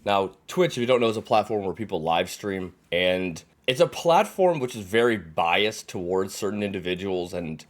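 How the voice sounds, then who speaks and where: A man's voice: sits low, animated, moderate pace, few pauses. A young man hosting a reaction video, making rambling, unsure asides. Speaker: reaction channel host. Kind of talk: casual reaction commentary.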